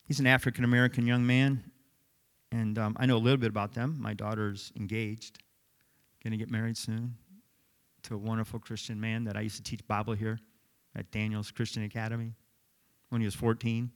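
A middle-aged man preaching a sermon, telling stories in an animated, conversational way. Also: on the low side, fairly quick. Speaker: pastor.

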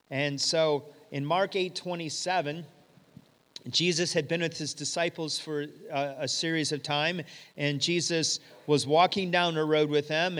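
Guy preaching a sermon, kinda high voice, storytelling, echoey big room. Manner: storytelling with rhetorical questions, animated quoting. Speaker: pastor. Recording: long hall reverb.

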